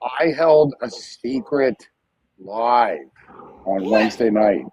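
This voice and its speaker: A man's voice: mid-range voice, expressive, slow pace, a little mellow, slight background noise. A man joining a livestream as a guest, speaking emphatically with many filler sounds. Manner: emphatic, full of filler uhs. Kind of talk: casual livestream chat. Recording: dull dry lo-fi audio.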